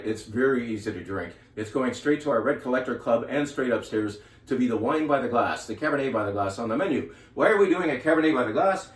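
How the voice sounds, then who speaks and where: A man's voice: medium pitch, far from the mic. Chatty man in an echoey room. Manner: chatty, enthusiastic, laughs at himself. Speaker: wine shop host. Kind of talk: casual video presentation. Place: wine shop. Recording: roomy echo, from off-mic.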